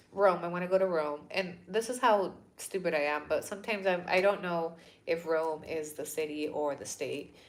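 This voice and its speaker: A young woman hosting a casual livestream, talking bluntly with lots of swearing and animated rants. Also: fairly low pitch. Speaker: host of a livestream.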